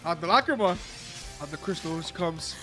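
A man reacting live to an anime episode, excitable and cursing, yelling at the screen and laughing often. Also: a little high, normal speed, over music.

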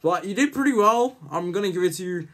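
A man's voice: high-pitched, lively intonation, fast talker, a bit bright. A man hosting a casual vlog, rambling with lots of ums and jokey teasing. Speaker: YouTube host.

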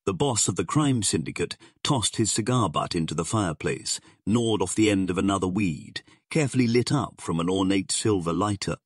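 A man's voice: sits low, lively intonation, moderate pace, few pauses, slightly rough, no echo, studio quality. A man narrating a pulp crime story with dramatic storytelling.

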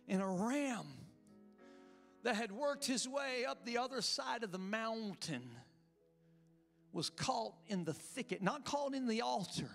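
A man's voice: very high voice, gravelly, fairly bright tone. A male pastor preaching a storytelling sermon, emphatic and calling out to his congregation. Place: church sanctuary. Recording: long hall reverb with music.

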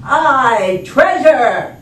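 A woman reading aloud, shouting the lines of a rowdy pirate crew in a roomy space from a distance. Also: high voice, animated, slow, slight background noise, pitched above the performer's own voice. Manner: shouted in unison.

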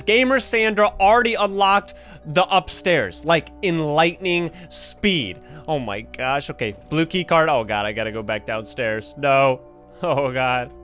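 A man's voice: sits high, fairly bright tone. A young man hosting his gaming channel, giving jumpy, panicky commentary full of gasps and yelps as he plays. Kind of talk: excited gameplay commentary.

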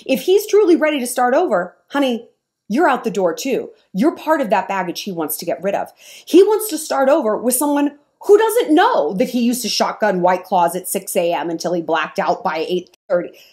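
A woman's voice: medium pitch, big pitch swings, normal speed, darkish tone. A woman vlogger giving frank, opinionated dating advice in an emphatic talk to the camera. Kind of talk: monologue to camera.

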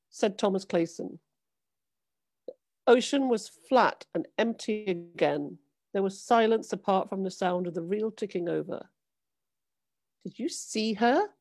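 A woman's voice: mid-range voice, a little mellow, no echo. Woman reading her novel aloud. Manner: measured, dramatic storytelling. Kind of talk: literary reading.

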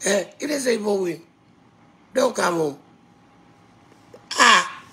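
A woman with a Ghanaian accent delivering a comedic rant, shouting and laughing as she goes. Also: mid-range voice, animated, unhurried. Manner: ranting, shouting, laughing between lines. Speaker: comedic content creator.

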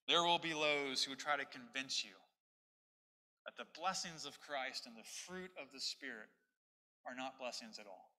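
A man's voice: mid-range voice, normal speed, bright, forceful tone. Earnest male preacher in a reverberant hall. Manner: earnest, storytelling. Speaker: pastor. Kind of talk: sermon with story reading.

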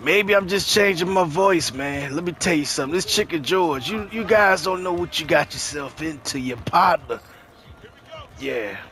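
A cocky, older-sounding streetball man taunts and boasts in profane trash talk, as a man puts on the voice. His voice sits high for a man. He talks in game voice chat. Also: moderate pace, fairly bright tone, soft background music. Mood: taunting.

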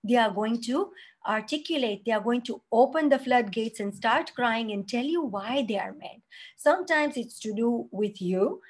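A woman's voice: fairly high pitch, lively intonation, moderate pace. A woman teaching a parenting class, explaining step by step and acting out example phrases, often checking in with "right?" and "okay?". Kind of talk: spoken parenting lesson.

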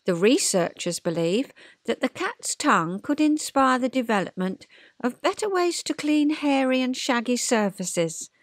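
An older woman talking through a lesson in an easygoing, chatty vlog. Her higher voice swings up and down with great liveliness. She takes her time and keeps asking her listener homely rhetorical questions. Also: sing-song, unhurried. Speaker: retired counsellor and vlogger. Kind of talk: chatty explanatory vlog talk.

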